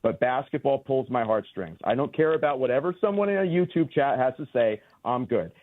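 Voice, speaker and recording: A man's voice: medium pitch, expressive, a little fast, dry recording. Earnest man calling in on a tinny phone line. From Los Angeles. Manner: earnest, emphatic, rambling storyteller. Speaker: caller. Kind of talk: call-in radio chat. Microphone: phone call.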